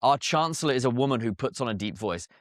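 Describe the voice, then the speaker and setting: A man's voice: mid-range voice, lively intonation, fast talker, dry recording. Blunt British man, chatty guest. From Britain. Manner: blunt, chatty, frequent filler words and laughs. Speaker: podcast guest. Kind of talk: casual conversational interview.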